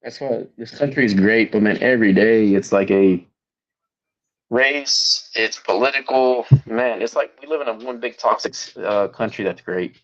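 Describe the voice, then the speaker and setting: A man's voice: fairly low pitch, normal speed. A man calling into a stream panel, chatting casually in a reflective, meandering way and often saying "man". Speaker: caller on panel. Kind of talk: casual call-in chat. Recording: dull lo-fi call-in audio.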